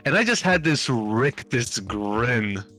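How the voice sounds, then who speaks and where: A man's voice: mid-range voice, animated, slow pace, sharp tone. A man casually telling a long anecdote on a live stream, rambling with lots of fillers and restarts and swearing freely. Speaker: stream host.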